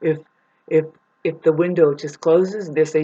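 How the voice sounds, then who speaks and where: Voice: medium pitch, fairly even intonation, a little slow, dark tone, highs cut off. A vlogger delivering an angry, rambling, profane monologue that warns and scolds the listener. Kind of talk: ranting monologue.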